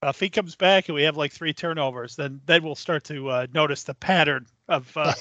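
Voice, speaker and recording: A man's voice: on the high side, fairly quick, bright, forceful tone, dry recording, dull audio. A man co-hosting a sports podcast, griping bluntly with frequent swearing. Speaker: podcast co-host. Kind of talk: casual podcast banter.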